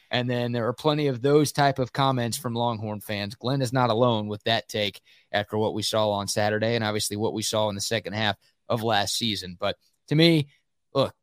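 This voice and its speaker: A man's voice: mid-range voice, no echo, clean studio sound. A man co-hosting a sports podcast, giving firm, opinionated takes in casual talk. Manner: opinionated, emphatic.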